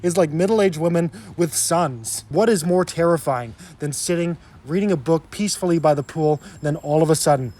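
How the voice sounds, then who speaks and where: A man giving a casual, joking book review, sarcastic and quick to laugh. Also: fairly high pitch, mellow.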